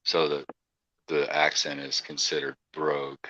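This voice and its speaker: A man's voice: very deep voice, monotone, measured pace, sharp tone, dull audio. A man chatting casually, joking and self-deprecating. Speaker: chat participant. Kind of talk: casual voice chat.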